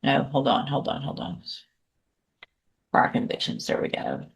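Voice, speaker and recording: Woman judge in a courtroom, deep-ish voice, reads charges step by step, kinda methodical. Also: sing-song, unhurried, gravelly. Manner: procedural, methodical, thinking aloud between formal readings. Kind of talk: courtroom proceedings.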